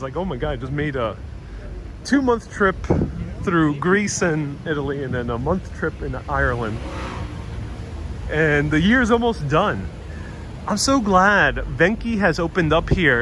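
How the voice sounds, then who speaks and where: A man with a fairly high voice hosts a live stream as he walks down a busy street. He reads out viewers' comments and answers them one by one. Traffic hums clearly behind him, caught on a small wireless mic. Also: fairly bright tone. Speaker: live-stream walking host. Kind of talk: live-stream chat while walking. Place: city street outdoors. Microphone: wireless clip-on mic. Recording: outdoor street noise. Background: city traffic.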